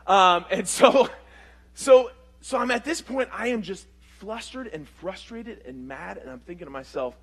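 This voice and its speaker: Male pastor with a high-pitched voice, preaching through a story with lively swings from loud to quiet. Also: moderate pace, slightly rough. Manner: animated, swings between loud and hushed. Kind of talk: storytelling sermon.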